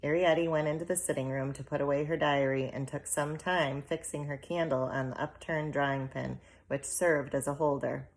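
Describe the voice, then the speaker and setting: A woman reading a children's novel aloud, in steady, measured narration. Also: deep voice. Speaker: audiobook reader. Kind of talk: storybook narration.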